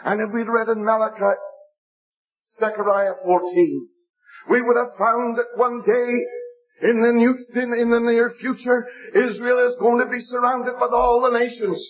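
An older man preaching a sermon, telling stories earnestly, repeating phrases and pleading with his listeners. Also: extremely high pitch. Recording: dull lo-fi recording.

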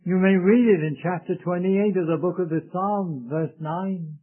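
A man's voice: high voice, normal speed. A man preaching a sermon in an earnest, solemn way, speaking to his listeners as beloved. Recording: tinny lo-fi phone-like recording.

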